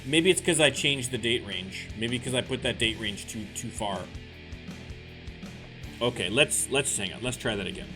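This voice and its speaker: A man's voice: medium pitch, moderate pace, music in the background. A Canadian man with a Canadian accent, casually chatting and joking to viewers while streaming a game. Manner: chatty, joking asides, talks to chat. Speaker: gaming streamer. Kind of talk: casual let's-play commentary.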